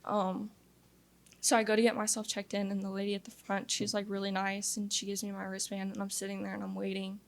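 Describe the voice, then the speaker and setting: A young woman from Louisiana shares her testimony in an interview, speaking candidly and earnestly. Her voice has a steady gravelly fry, and it stays flat and even in pitch. She fills her story with frequent "like"s as she talks it through. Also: a little fast. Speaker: guest sharing testimony.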